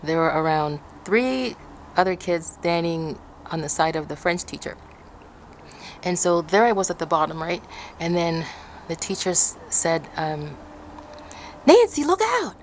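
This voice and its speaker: A woman's voice: unhurried, a little hiss or hum. A woman from Ecuador casually telling a story to her viewers, acting out what people said and laughing often. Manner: animated, acts out quotes in high shouts, laughs often. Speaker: vlogger.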